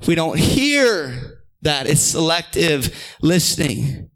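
High, bright-voiced preacher, shouting then dropping low. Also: male voice, expressive, measured pace. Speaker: pastor. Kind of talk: sermon.

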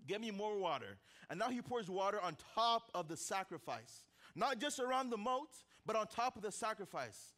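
A young adult man preaching a sermon, telling a story with lively swings between loud and hushed delivery and casual joking asides. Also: high voice, moderate pace, hardly any pauses. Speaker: pastor.

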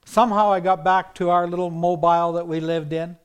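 Preacher, male, high voice, earnest testimony sermon with hushed emphatic drops. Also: fairly even intonation, fairly quick, clean tone. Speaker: preacher giving his testimony.

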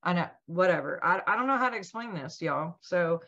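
Low-voiced woman telling a story. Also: brisk. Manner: animated, acts out quoted dialogue. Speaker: interview guest. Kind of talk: personal storytelling in conversation. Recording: dull lo-fi sound.

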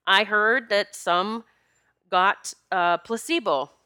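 In this casual to-camera monologue, a woman vlogger speaks slowly with a mid-range voice whose tone is sharp, clear and resonant. She talks emphatically to viewers, repeating herself for emphasis.

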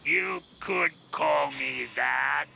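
An actor playing a menacing male caller who disguises his voice, talking slowly and sinisterly in a film scene. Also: mid-range voice, wildly swooping pitch, vocal fry, full character voice. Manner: slow, drawn-out, sinister. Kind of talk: film acting. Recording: noisy film soundtrack.

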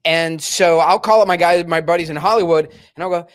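A man's voice: a little high, brisk. A man hosting a casual interview podcast, telling stories animatedly and acting out quotes. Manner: animated storyteller, acts out quotes. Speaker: podcast host.

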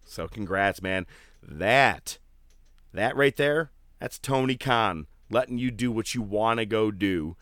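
A man co-hosting a podcast in casual chat, animated and joking, swearing freely. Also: on the low side, slow pace, no echo, studio quality. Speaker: podcast co-host.

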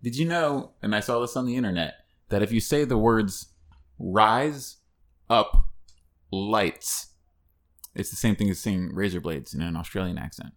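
Lower-voiced man, dry teasing banter. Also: expressive. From United States. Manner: teasing, dry, quick-witted. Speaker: podcast co-host. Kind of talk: casual chat.

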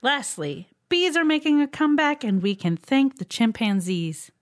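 A woman hosting a goofy headline guessing game in loose, casual banter. Her voice sits high and bounces up and down with lots of movement. She reads her made-up headlines playfully and can barely keep from giggling. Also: very animated, normal speed. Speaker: game host.

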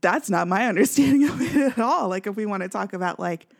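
A woman from Missouri chats casually on a podcast, telling stories with animated energy. Her voice sits at a middle pitch, and her talk is loose and full of fillers. She laughs easily between thoughts. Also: quick pace, vocal fry. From Missouri, US Midwest. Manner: lively, animated, laughs often, many fillers. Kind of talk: casual chat.

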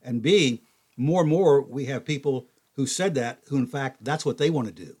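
An older man giving a folksy, conversational Bible teaching, animated when he quotes others. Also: medium pitch, normal speed, slightly rough.

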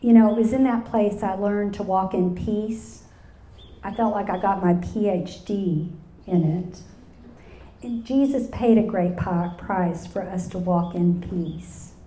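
At a women's luncheon in a large hall, a woman in her fifties earnestly tells her own story to the live audience, speaking to them directly. She has a warm, mid-range voice and keeps a measured pace. The sound carries a roomy echo from the hall.

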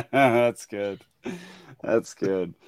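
Laughing casual podcast host, dry sound. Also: male voice, fairly low pitch, clean tone, no echo. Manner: laughs often, trails off with ums. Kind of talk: casual late-night chat. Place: his home, alone with dogs.

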